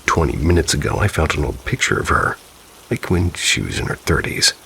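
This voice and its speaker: A man with an extremely deep voice and a gravelly edge narrates in a calm, measured way. Faint hiss sits under the recording. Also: poor audio. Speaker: narrator of submitted ghost stories. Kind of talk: scripted narration.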